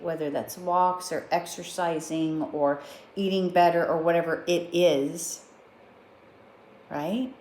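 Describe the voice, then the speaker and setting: A woman's voice: fairly low pitch, darkish tone, reverberant. A middle-aged woman speaking earnestly and reflectively in a personal video journal. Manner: earnest, heartfelt, self-reflective. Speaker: vlogger.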